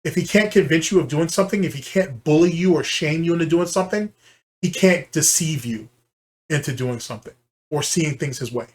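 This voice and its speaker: A man's voice: a little high, fairly quick. A man hosting a commentary channel, ranting in a heated, profane and scornful way while reacting to a clip.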